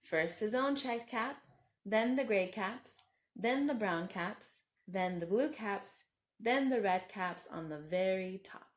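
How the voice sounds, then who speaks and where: Slow, gentle woman reading to children. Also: medium pitch, expressive. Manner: gentle, talks to listeners as friends and asks them questions. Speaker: children's story reader. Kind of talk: reading a picture book aloud to children.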